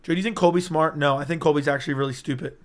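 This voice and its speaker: A hoarse man hosting a livestream in casual commentary, answering chat with blunt, profane banter. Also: fairly high pitch, steady tone, rapid-fire, no room sound. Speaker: livestream host.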